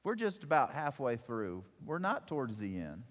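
A man giving a sermon, retelling a scripture story in a lively storytelling way with acted-out quotes. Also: mid-range voice, normal speed, in a large hall. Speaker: preacher.

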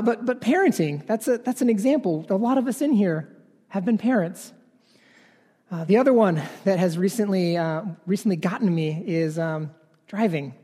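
A high-pitched man's voice with a darkish tone preaches a sermon; he's a pastor in his thirties. He talks as if in conversation, habitually asking "right?", recorded with the lingering reverb of a large hall.

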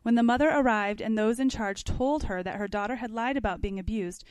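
Woman teacher, fairly high voice, reads aloud and asks the group questions, dry sound. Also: fairly quick, clear, resonant tone, no echo. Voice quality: conversational, asks the class questions. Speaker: parenting class teacher. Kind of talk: reading aloud from a book and commenting.

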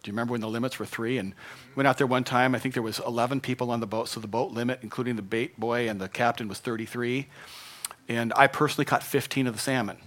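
A middle-aged pastor with a bright, forceful voice, preaching in an earnest, conversational way. His delivery keeps rising into emphatic bursts. His voice sits at an ordinary male pitch. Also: steady tone, quick pace. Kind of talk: sermon.

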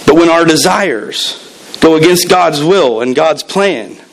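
A man's voice: a little high, expressive, measured pace, gravelly, low-quality recording. A man preaching a sermon as pastor, emphatic and repeating key words, acting out the voices he quotes.

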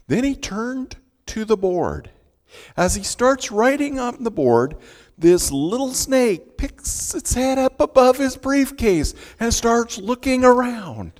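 Male pastor, sermon storyteller, deliberate pace, swinging intonation, reverberant room. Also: very high voice. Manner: animated storyteller acting out scenes. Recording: long hall reverb.

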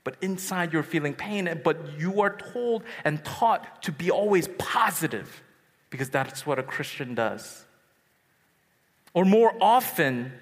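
A man preaching at a youth retreat, telling stories in an animated way and acting out voices. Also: on the high side. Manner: animated storytelling, acts out voices. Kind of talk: sermon. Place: large hall at a retreat. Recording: echoey hall.

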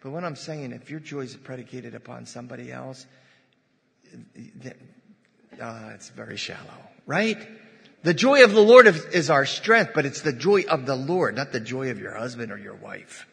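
A man's voice: medium pitch, expressive, moderate pace, vocal fry, fairly bright tone. A man preaching a sermon as pastor in a church, conversational, with asides and jokes to his congregation. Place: church sanctuary. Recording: long reverb of a church hall.

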